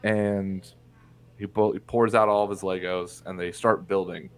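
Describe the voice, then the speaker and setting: Low-voiced young man telling a blunt story. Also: little pitch movement, measured pace. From Indiana, USA. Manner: candid and blunt, swears freely. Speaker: podcast guest. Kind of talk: casual storytelling in conversation.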